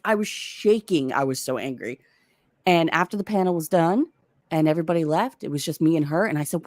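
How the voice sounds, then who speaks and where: A woman in casual livestream chat, animated and swearing as she tells a story. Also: low-pitched, fast talker, no room sound, clean studio sound.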